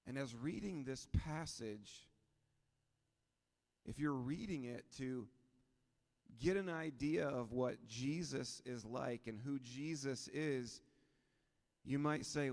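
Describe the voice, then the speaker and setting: A man preaching a sermon as pastor, in a relaxed, conversational way with frequent rhetorical questions. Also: mid-range voice, takes it slowly, in a large hall.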